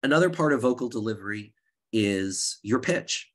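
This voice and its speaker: A man with a head cold, hoarse, giving an earnest workshop talk over a video call and often restarting his phrases. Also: mid-range voice, expressive, normal speed. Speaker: speech contest coordinator. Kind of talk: workshop presentation.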